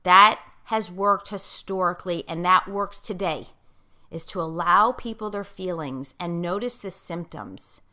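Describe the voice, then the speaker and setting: A middle-aged woman with a lowish, bright and forceful voice talks in a casual, coaching way. She leans on her key words and keeps checking that her listener follows. When she tells a personal story she gets choked up. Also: a little slow. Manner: gets choked up while telling a moving story.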